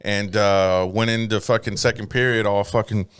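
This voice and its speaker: A man's voice: fairly low pitch, moderate pace, clear, resonant tone. A man in his thirties, a comedian telling a story in casual podcast banter, swearing freely and laughing as he talks. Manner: animated storyteller, swears a lot, laughs through his stories.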